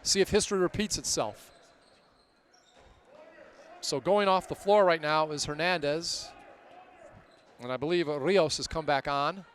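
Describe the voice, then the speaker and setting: A man announcing a basketball game play by play, getting loud and excited during plays. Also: a little high, slight background noise. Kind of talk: live basketball commentary.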